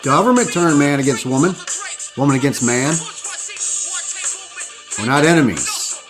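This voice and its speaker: A man's voice: mid-range voice, expressive, a little slow, over music. Profane, fired-up male podcast host. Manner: profane, preachy, rallying the listener. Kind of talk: impassioned live-stream monologue.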